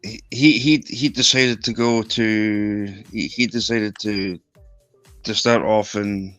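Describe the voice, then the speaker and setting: A man's voice: on the low side, fairly even intonation, slow, a bit bright, no room sound, soft background music. A Scottish man from the northeast of Scotland chatting as a guest on a live stream, rambling with lots of restarts. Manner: rambling, repeats himself, many restarts. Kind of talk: casual chat on a live stream.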